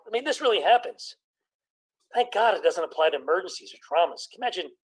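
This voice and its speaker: Middle-aged man, stand-up comic bit, deadpan punchlines, slips into quick character voices. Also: high voice, husky, low-quality recording. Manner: deadpan joke delivery with put-on patient voices. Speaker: comedian doctor. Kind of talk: stand-up comedy routine.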